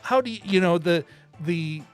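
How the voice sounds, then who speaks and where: Lively higher-voiced male podcast co-host. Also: normal speed, faint music behind. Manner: animated, laughs often while talking. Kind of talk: casual film-discussion chat.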